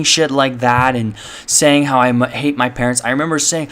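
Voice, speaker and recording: A young channel host rambles loosely through a personal story for his viewers, filling it with fillers and swearing. His voice is a little high and fairly bright, moving at normal speed with hardly any pauses.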